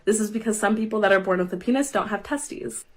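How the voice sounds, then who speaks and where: A woman's voice: medium pitch, fast. A woman earnestly explaining a point in a short video clip.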